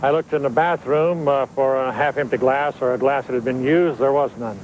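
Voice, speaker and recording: A man's voice: medium pitch, fairly even intonation, a little fast, a little mellow, a little hiss or hum, rough recording. An older man, a retired police officer, giving a plain, matter-of-fact account in an interview. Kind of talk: interview testimony.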